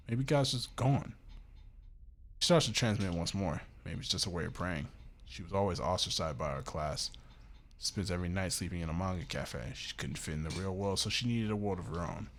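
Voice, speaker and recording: A man's voice: low-pitched, a little fast, fairly bright tone. A young man playing a visual novel game, reading it aloud and adding blunt reactions. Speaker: gaming YouTuber. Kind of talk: let's play narration and commentary.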